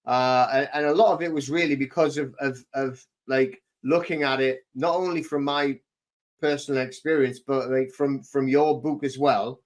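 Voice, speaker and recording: A man's voice: mid-range voice, fairly even intonation, moderate pace. A middle-aged man hosting a podcast, chatting casually and hesitantly with lots of fillers. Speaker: podcast host. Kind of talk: casual chat.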